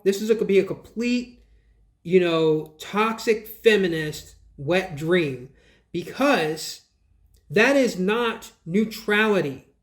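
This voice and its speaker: Man, high-pitched, unhurried, scoffing, rambling, spells words aloud, casual book-review commentary. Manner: digressive, restarts and trails off. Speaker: channel host reviewing a book.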